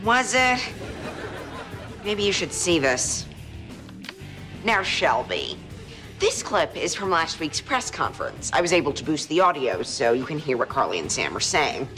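A smug, scheming sitcom villain. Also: male voice, on the high side, big pitch swings, unhurried, long pauses, pushed and bright, soft background music, heavily acted. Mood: sly. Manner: smug, theatrical, gloating. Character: scheming pompous young male schemer. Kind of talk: sitcom acting.

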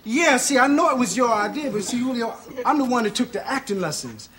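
An actor playing an exasperated grown son trying to run a serious business, earnest and reasoning. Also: male voice, extremely high pitch, expressive, fairly quick, fairly bright tone.

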